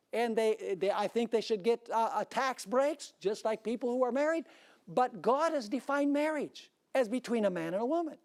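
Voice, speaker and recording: A man's voice: high-pitched, darkish tone. A male pastor delivers a sermon with emphatic force. He keeps asking his listeners rhetorical questions to press his points home.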